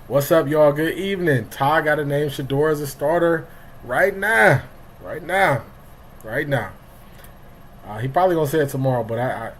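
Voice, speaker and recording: Greeting viewers in the chat by name, this middle-aged livestream sports show host keeps things loose and talkative. His voice is mid-range, and the rough recording carries a little hiss or hum.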